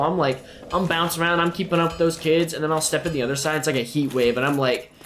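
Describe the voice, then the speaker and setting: A man's voice: on the high side, fast, few pauses, fairly bright tone, a little hiss or hum. A man live-streaming a video game, chatting with viewers and teasing them and the game in a playful way.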